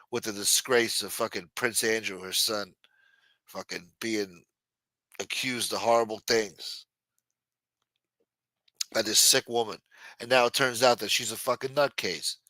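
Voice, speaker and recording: A man's voice: mid-range voice, bright, forceful tone, no room sound, low-quality recording. A man hosting a late-night livestream who rants casually and reads news aloud in a profane, blunt and mocking manner. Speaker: livestream host. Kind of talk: casual ranting commentary.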